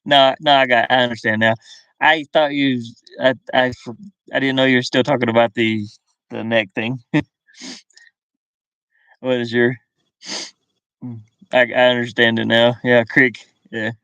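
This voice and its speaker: A man's voice: medium pitch, level tone, measured pace, long pauses, fairly bright tone, smooth, no room sound, muffled recording. Easygoing American man, faint Southern drawl. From US South (Kentucky and Virginia). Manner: easygoing, chuckles often, thinks aloud. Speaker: live-stream host. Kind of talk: casual live-stream chat, reading viewer comments. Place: inside his van.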